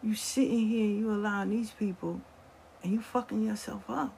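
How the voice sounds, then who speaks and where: A woman's voice: medium pitch, steady tone, moderate pace, gravelly, a little mellow, a little hiss or hum. A middle-aged woman telling stories from her life in blunt, profane casual talk, acting out the voices of the people she quotes. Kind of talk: casual storytelling.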